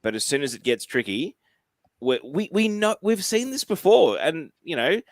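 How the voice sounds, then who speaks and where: A man in a casual podcast chat, giving emphatic, animated opinions. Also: on the high side, normal speed, dry recording. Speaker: podcast co-host.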